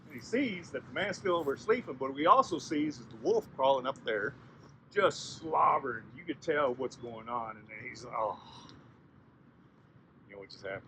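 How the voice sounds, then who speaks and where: A man telling a traditional story in a conversational, animated way, often turning to address his listeners directly. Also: mid-range voice, normal speed, a little hiss or hum. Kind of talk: oral storytelling.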